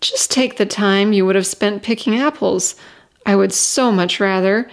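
A woman reading aloud, voicing a refined, kind lady stranger who speaks softly and soothingly in well-spoken phrases. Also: mid-range voice, unhurried, close to an everyday voice.

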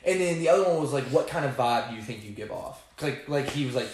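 A man's voice: medium pitch, expressive, quick pace, a little mellow, a little hiss or hum. Young man, laid-back podcast chat, roomy sound. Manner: rambling, laid-back, heavy on "like" and "bro". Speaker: podcast co-host. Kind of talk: casual chat.

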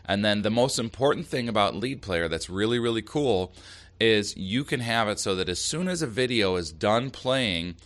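A man's voice: lowish voice, animated, normal speed, fairly bright tone. A man hosting a solo marketing podcast, giving upbeat, direct advice with emphasis. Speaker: podcast host.

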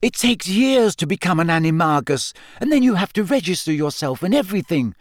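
A man voicing a studious, insistent teenage girl with a brisk, cross manner, in a storybook reading. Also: on the high side, big pitch swings, dry recording, studio quality, voice pushed up.

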